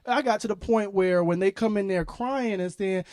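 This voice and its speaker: High-voiced man on a dry podcast mic. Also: a little mellow, no echo. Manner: quick, emphatic reactions and acted-out dialogue. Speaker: podcast co-host. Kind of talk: casual comedic chat.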